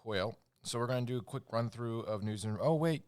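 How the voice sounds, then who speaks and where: A man's voice: mid-range voice, a little fast, darkish tone, smooth, dry recording. A man hosting a podcast in casual chat, making dry, wry remarks. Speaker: podcast host.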